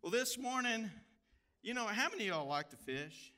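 Folksy Texan pastor with a bright voice. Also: male voice, high voice, expressive, normal speed. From Texas hill country. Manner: folksy storytelling with drawled phrases. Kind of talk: sermon.

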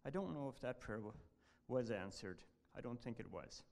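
A man giving a devotional talk at church, reading a passage aloud in an earnest, halting way. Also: medium pitch, lively intonation, darkish tone.

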